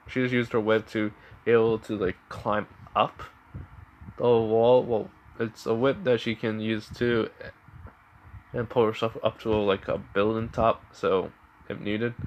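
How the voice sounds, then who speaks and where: A man's voice: on the low side, highs cut off. Rambling man retelling a story. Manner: rambling, many fillers and restarts. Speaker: fan fiction storyteller. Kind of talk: casual retelling of a fan story. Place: home room with a fan running.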